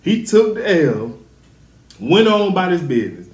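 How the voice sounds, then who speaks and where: High-voiced man giving an animated show recap. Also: normal speed. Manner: chatty, animated, acts out the characters' lines. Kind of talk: casual recap and commentary. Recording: echoey room.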